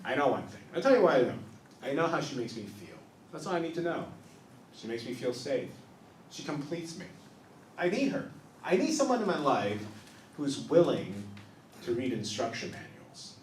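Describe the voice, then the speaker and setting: A man in his thirties doing a stand-up set on a small club stage, telling confessional stories that swing from soft asides to loud punchlines. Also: medium pitch, big pitch swings, moderate pace, long pauses, a little hiss or hum. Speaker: stand-up comedian. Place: small improv club stage, live audience. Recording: roomy club sound from a distance.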